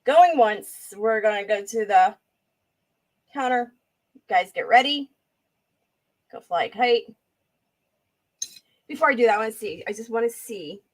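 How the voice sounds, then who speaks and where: A woman's voice: on the high side, animated, measured pace, pauses often. Chatty woman running a live auction. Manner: chatty, talks to chat viewers by name while handling items. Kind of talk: casual live-stream auction chat.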